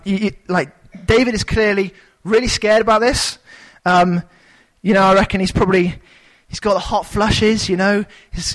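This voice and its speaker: A man preaching a sermon in a chatty, animated way, with quick asides and playful voices. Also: high-pitched, poor audio. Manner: conversational and animated, with sudden shouted character voices.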